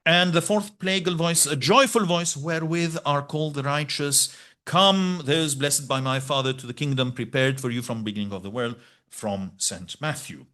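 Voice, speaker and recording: A man giving an academic conference lecture in a measured, scholarly way, pausing with fillers and restarts. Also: medium pitch, fairly even intonation, fairly bright tone. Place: lecture hall.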